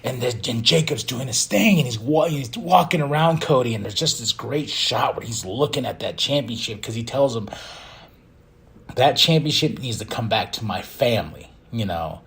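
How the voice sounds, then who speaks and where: Young guy podcast host, super animated recap, bouncy voice, yells out the quotes. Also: medium pitch, normal speed. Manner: excitable, acts out quotes in bursts. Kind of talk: casual wrestling recap.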